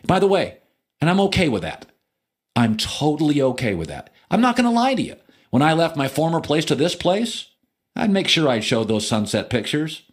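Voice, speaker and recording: A middle-aged man talking sports in a joking, opinionated monologue. His voice sits high for a man and swings up and down a lot. He keeps breaking into mocking impressions. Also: big pitch swings, normal speed, slightly rough. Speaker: sports radio host.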